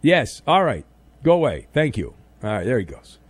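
A man's voice: mid-range voice, huge pitch swings, moderate pace, slightly rough, no echo. A man hosting a sports talk radio show, playful and teasing, with bursts of mock outrage, speaking into a studio microphone.

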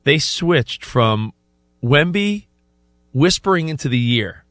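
Man, sports radio co-host, rambling musings, slightly high, dry studio sound. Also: sing-song, a bit bright, dry recording. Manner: rambling, musing, quick asides. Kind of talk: casual sports radio talk. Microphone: studio broadcast mic.

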